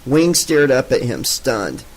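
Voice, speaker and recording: A man narrating a novel in a steady, even way. His voice sits at a middling pitch and keeps the story moving. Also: slow, low-quality recording. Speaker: audiobook narrator. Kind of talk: audiobook narration.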